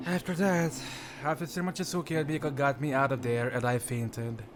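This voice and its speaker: A man's voice: medium pitch, steady tone, fairly quick, a little hiss or hum, close to an everyday voice. A man voicing a frightened young woman trapped underground in a horror game, reading her lines aloud with panicked pleading. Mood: subdued. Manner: panicked pleading and yelling for help.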